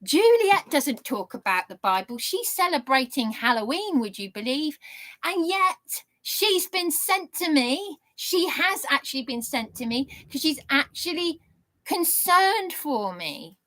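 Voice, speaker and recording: A woman's voice: high voice, sing-song, a little slow, bright, forceful tone. A woman vlogger telling an aggrieved story to her viewers in an indignant, rambling way. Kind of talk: aggrieved monologue to camera.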